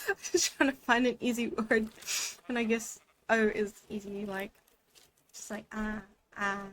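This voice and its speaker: A woman's voice: fairly high pitch, steady tone, unhurried, a little hiss or hum. A woman giving a playful, chatty language lesson while streaming a game. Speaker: VTuber language teacher.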